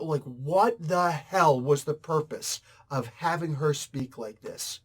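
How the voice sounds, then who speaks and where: A man's voice: fairly high pitch, unhurried, fairly bright tone. A man reviewing a comic book in casual commentary, heated and emphatic, often repeating his points.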